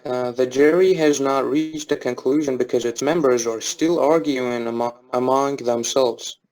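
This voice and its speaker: Male student reader, plain middle voice, steady classroom reading with occasional restarts. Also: mid-range voice, normal speed, rough recording. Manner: reads steadily with small restarts on words.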